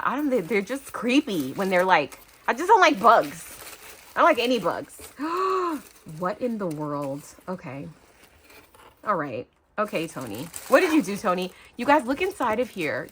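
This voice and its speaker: Bubbly squealing woman crafter, animated. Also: mid-range voice. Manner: gushing, squealing, chatty with many fillers. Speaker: crafting vlogger. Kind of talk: excited unboxing vlog.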